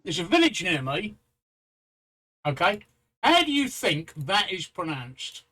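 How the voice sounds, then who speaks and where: A man's voice: sits high, wildly swooping pitch, unhurried, pushed and bright, low-quality recording. A man hosting a casual live-stream chat, chatty and teasing, often repeating himself. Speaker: stream host.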